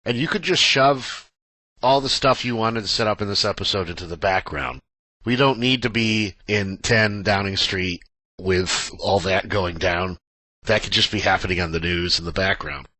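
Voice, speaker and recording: A man co-hosting a podcast in casual chat, thoughtful and measured. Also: sits low, sharp tone, dry recording. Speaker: podcast co-host.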